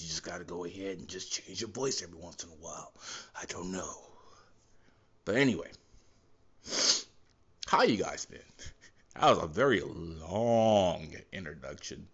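A man talking off the cuff on his podcast, his pitch jumping around a lot as he rambles. He swears freely and trips over restarts and fillers. The recording sounds dull and lo-fi. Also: animated, normal speed, pauses often, husky. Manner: profane, meandering, lots of fillers and self-corrections. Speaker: podcast host. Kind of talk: casual rambling monologue.

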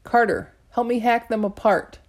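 A woman's voice: a little high, fairly even intonation, normal speed, voice pushed up, natural voice. A woman voicing a fierce, tired cat goddess warrior who gives urgent commands in an audiobook reading.

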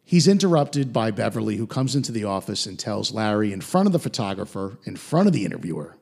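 Male podcast host, gravelly and husky, lively recap delivery. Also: lowish voice, quick pace, few pauses. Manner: animated retelling with put-on quote voices. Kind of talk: episode recap.

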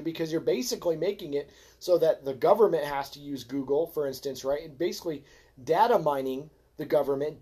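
Fervent preachy man, slightly high voice. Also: slightly rough. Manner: fervent, preachy, addresses listeners as folks; swings from low mutters to loud exhortation. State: frustrated. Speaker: podcast host. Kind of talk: ranting religious podcast monologue.

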